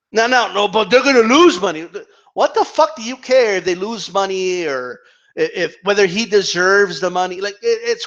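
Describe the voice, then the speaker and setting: A man's voice: high-pitched, fairly bright tone. A man giving heated, profane boxing commentary, arguing with imagined fans and stumbling over repeated words. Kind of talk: ranting vlog commentary. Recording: dull lo-fi sound.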